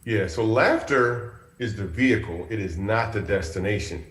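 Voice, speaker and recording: A middle-aged male comedian telling stories in an animated, chatty interview style. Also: fairly low pitch, normal speed, reverberant. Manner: animated, chatty storytelling with asides. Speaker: comedian guest. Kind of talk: storytelling interview.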